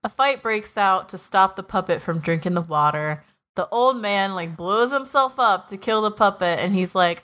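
A woman's voice: mid-range voice, lively intonation, moderate pace, a bit bright. A woman co-hosting a casual podcast, recapping episodes and skeptically picking apart plot holes. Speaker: podcast co-host.

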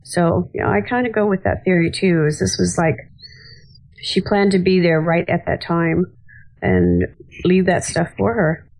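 A woman's voice: lowish voice, expressive, measured pace, gravelly, darkish tone, rough recording. A woman in a casual discussion, rambling and hedging with lots of fillers. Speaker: podcast panelist.

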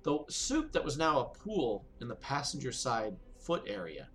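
Animated man telling a story. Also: moderate pace. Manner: animated storyteller, jumps to loud high bursts for quoted speech. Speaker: podcast co-host. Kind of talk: casual chat, storytelling.

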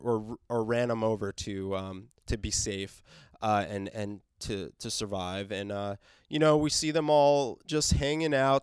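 A man reviews a comic book panel by panel in a loose, rambling way, full of filler words and soft chuckles. His voice is smooth and resonant, and it sits at an ordinary pitch for a man. The sound is close and dry. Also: no echo.

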